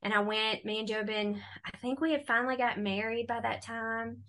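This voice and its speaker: A middle-aged woman telling her faith testimony in a relaxed conversation, animated and acting out the voices she quotes. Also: fairly high pitch, brisk. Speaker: guest.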